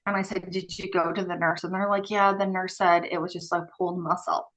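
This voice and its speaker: A woman guest on a podcast, telling stories in a casual, animated way with many fillers and acted-out dialogue. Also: on the low side, brisk, poor audio. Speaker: podcast guest, former group home worker. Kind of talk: casual interview storytelling.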